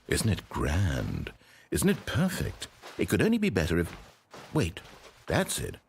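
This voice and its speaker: A man's voice: low voice, huge pitch swings, measured pace, creaky, a little mellow, slight background noise, full character voice. A man voicing a pompous, condescending male game narrator in a comedy parody, speaking in a grandiose, theatrical way.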